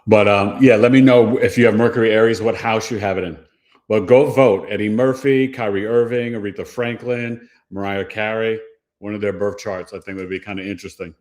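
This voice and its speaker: A man with a deep, low voice hosts a relaxed livestream from home. He chats casually and playfully, tossing in slang and little rhymes. Now and then he slips into quick quoted voices to make a point. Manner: playful, slangy, rhyming asides. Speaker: astrology livestream host.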